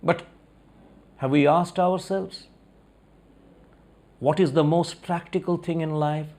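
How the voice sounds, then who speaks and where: A man's voice: a little high, steady tone, takes it slowly, a little mellow. A man giving a motivational talk, telling a story and putting rhetorical questions to his audience. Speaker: motivational speaker.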